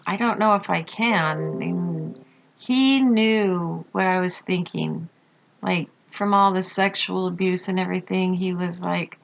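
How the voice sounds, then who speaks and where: A woman slowly recounting a personal experience, halting with fillers and pauses. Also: fairly low pitch, creaky. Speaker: storyteller recounting a near-death experience. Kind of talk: slow personal testimony. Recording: dull lo-fi recording.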